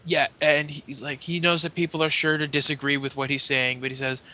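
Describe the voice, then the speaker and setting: Bright, high-ish podcast guy rambling. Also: little pitch movement, brisk, few pauses. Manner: rambling recap full of fillers. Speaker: podcast co-host. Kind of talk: casual wrestling recap chat.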